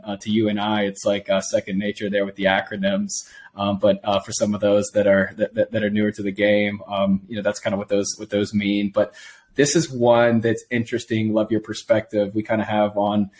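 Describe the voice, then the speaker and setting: Low, flat-voiced podcast host. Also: male voice. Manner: halting, many fillers and repeats. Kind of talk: casual interview.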